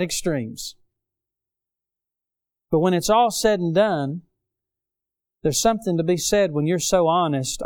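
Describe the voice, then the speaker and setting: A man preaching a sermon, rising loud on key phrases and dropping low for stories. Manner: impassioned, swells loud on key phrases then drops low.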